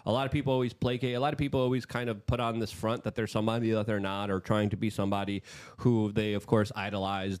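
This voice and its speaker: A man hosting a podcast, speaking casually with many fillers and restarts. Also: mid-range voice. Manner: halting, filler-heavy, restarts. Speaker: podcast host.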